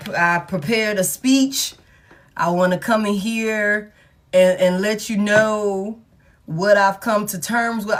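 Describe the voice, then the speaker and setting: A woman's voice: medium pitch, slight background noise, close to an everyday voice. A woman voicing an ex-lover who makes a rehearsed, earnest apology and tries to win someone back. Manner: earnest, deliberate, persuasive. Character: smooth-talking ex-lover making a rehearsed apology.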